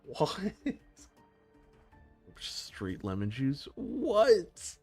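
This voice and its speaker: Low-voiced young man chatting, swearing freely. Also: measured pace, a little mellow, soft background music. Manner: swears freely, laughs often. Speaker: streamer. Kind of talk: casual chat with stream viewers.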